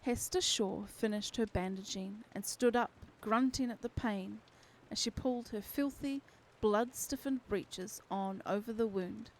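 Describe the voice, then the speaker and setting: A woman streamer reading a novel aloud to her community with steady, expressive narration. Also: mid-range voice, unhurried, few pauses, slight background noise, rough recording. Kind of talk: unhurried storybook reading.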